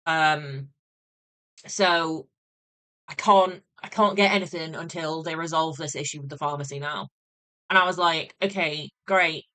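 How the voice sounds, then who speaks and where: A woman's voice: fairly low pitch, bright, forceful tone. A woman chatting casually on a live stream, venting, laughing often and swearing freely.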